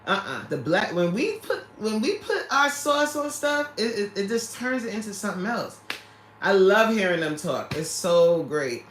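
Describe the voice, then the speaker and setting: A woman hosts a casual livestream, reading viewer comments aloud, laughing often and addressing her audience directly. Her voice sits at medium pitch with wide swings in intonation, at a moderate pace. The room is echoey, with a faint hiss or hum underneath.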